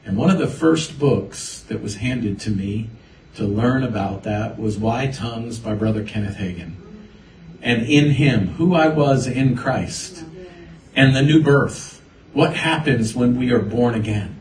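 A man's voice: medium pitch, a little slow, recorded from a distance. A man preaching a sermon, telling his own story and quoting the people in it. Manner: storytelling, animated quoting of others. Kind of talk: sermon with personal testimony. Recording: roomy echo, voice from afar.

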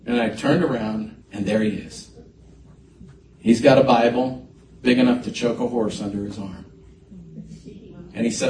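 Male pastor, mid-pitched, animated sermon storyteller, picked up off-mic in a reverberant church hall. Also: measured pace, long pauses, slight background noise. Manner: animated storyteller, lively swings in loudness. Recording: echoey hall mic from a distance.

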